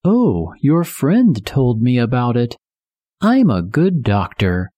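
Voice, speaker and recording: A reader voicing a hungry, scheming male cat who pretends to be a doctor, in a slow storybook reading with a raised, sweet-talking voice. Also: medium pitch, wildly swooping pitch, mellow, no room sound, pitched above the performer's own voice, heavily acted. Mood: coaxing.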